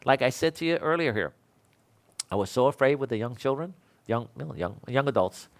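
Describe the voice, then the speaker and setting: An older man in his sixties teaches other instructors in a loose, conversational way. He rambles through anecdotes and pokes fun at himself, with an everyday mid-range pitch. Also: expressive, fairly quick. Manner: rambling, self-deprecating storyteller who laughs often. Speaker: electrical code instructor. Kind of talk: casual talk to fellow instructors.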